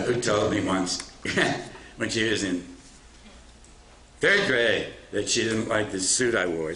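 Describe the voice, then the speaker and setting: A man's voice: medium pitch, background noise. Older man lecturing in a roomy hall. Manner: storytelling, warm anecdotal delivery with self-deprecating humor. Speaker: author giving a talk. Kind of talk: public lecture with anecdotes. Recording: roomy hall, mic at a distance.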